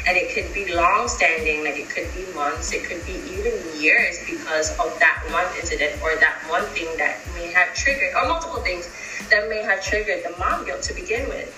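A woman's voice: lowish voice, reverberant, far from the mic, rough recording. A woman hosting a podcast, chatting candidly about motherhood and laughing often. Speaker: podcast host. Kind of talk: casual podcast chat.

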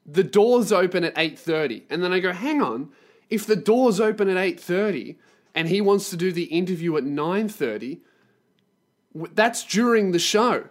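A man hosting a podcast, telling a story as a profane, sarcastic rant. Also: a little high. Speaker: podcast host and touring performer.

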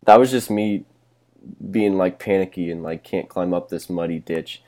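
A man's voice: deep voice, normal speed, warm tone. A young man in casual podcast chat, rambling through a story with lots of swearing and laughter. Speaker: podcast co-host.

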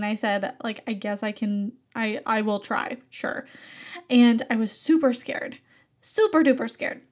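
A young woman, an art teacher, telling a personal story in an expressive, animated way and laughing often. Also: fairly high pitch.

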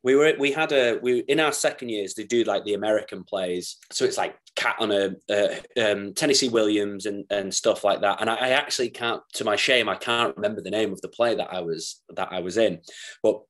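A man's voice: fairly low pitch, brisk, a bit bright. A young man, an actor and podcast guest, telling rambling, giddy stories in casual chat. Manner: rambling, giddy, laughs through his stories.

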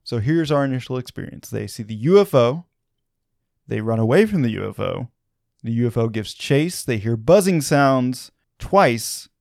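A man's voice: mid-range voice, lively intonation, moderate pace, creaky, darkish tone, no room sound, studio quality. A man hosting a podcast, telling a story in a casual, conversational way with fillers. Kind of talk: conversational narration of a paranormal story.

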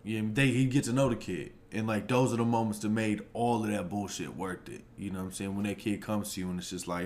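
A man's voice: lowish voice, fairly even intonation, quick pace, few pauses, darkish tone, a little hiss or hum. A man hosting a casual chat, laid-back and giving frequent agreement sounds. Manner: laid-back, backchannels a lot. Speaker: host.

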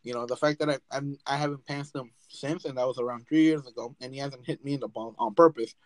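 A man's voice: mid-range voice, fairly even intonation, quick pace, no room sound, poor audio. Young man telling stories, dry close sound. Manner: storytelling, swears freely, laughs often. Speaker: podcast host. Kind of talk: casual chat.

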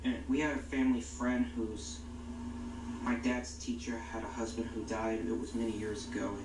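A man's voice: mid-range voice, level tone, moderate pace. A man rambling earnestly in a short video clip, trailing off mid-thought. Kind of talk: rambling monologue. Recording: roomy, distant, noisy phone video.

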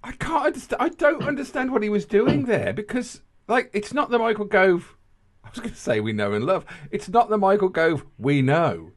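A man's voice: high voice, expressive, moderate pace. A man hosting a podcast, rambling and jokey in casual banter, laughing often. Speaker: podcast host.

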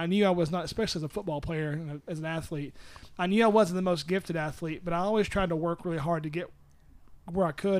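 A young man with a Southern US accent, a musician guest telling rambling, self-correcting stories in casual interview chat. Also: a little high. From Southern United States.

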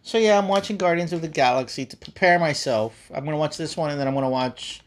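A man's voice: a little high, quick pace. A man hosting a podcast in casual chat, rambling and swearing freely between laughs. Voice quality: rambling, profane, laughs often. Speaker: podcast host.

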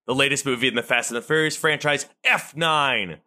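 A man's voice: mid-range voice, fairly quick, sharp tone. A man co-hosting a casual movie-review podcast, joking around and stumbling through frequent filler restarts. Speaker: podcast co-host.

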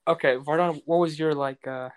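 A man's voice: on the high side, fairly even intonation, moderate pace. A young man co-hosting a casual podcast chat, rambling and filling his talk with many likes and restarts. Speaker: podcast co-host.

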